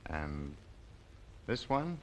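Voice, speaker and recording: A man presenting a children's TV show, talking gently and slowly to young viewers and coaxing them to join in. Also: a bass voice, very animated, a little hiss or hum. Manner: slow, coaxing, sing-song, invites the viewer to join in. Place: television studio.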